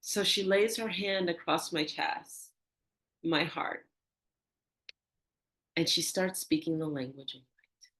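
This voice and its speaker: An older woman, a guest in an interview, telling a personal story with animated, acted-out dialogue and soft, hushed reflective moments. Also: slow, pauses often. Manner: animated, acts out quoted dialogue with rising pitch. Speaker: interview guest, energy healer.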